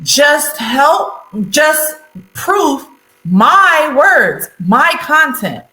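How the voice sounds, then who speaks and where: Bright, animated woman guest, higher voice, roomy room sound. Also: extremely slow. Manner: animated, laughs often. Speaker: guest, leadership consultant. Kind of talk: conversational interview.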